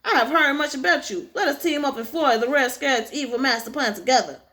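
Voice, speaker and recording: A woman's voice: high voice, brisk, a bit bright. Woman voicing a pompous grandiose superhero. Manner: grandiloquent, formal.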